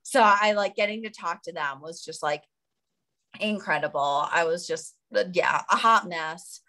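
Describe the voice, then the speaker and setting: A woman's voice: lowish voice, measured pace, sharp tone. Bubbly young American woman, giggly. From United States. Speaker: Olympic marathon runner, guest. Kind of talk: casual interview chat.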